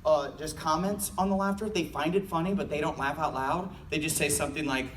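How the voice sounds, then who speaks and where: A man performing a loud, animated, profane stand-up set and bursting into screams. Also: fairly high pitch, a little fast. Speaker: stand-up comedian. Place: large university hall with a live audience. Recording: distant mic, loud crowd noise.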